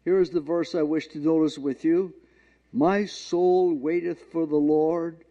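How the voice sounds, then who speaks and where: A man preaching a sermon in an earnest, halting way, reading scripture slowly and drawing out the words. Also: a little high, steady tone, dark tone. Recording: dull lo-fi recording.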